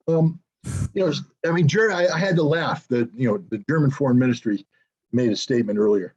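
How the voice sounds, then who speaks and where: Older man, husky voice, sarcastic commentary, lo-fi video call audio. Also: medium pitch, fairly quick, a little mellow. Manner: blunt, sarcastic, many ums and restarts. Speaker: interview guest. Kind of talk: political commentary interview.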